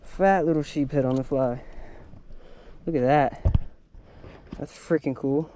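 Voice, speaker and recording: Excitable man vlogging outdoors on the water. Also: on the high side, slow, noisy background. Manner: excitable, hyped, slangy. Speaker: fishing vlogger. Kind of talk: casual vlog commentary. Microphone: action camera.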